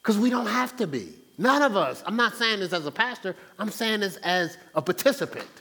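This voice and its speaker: A man preaching a conversational sermon as pastor, animated, stumbling over restarts and acting out the voices he quotes. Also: high voice, brisk, creaky.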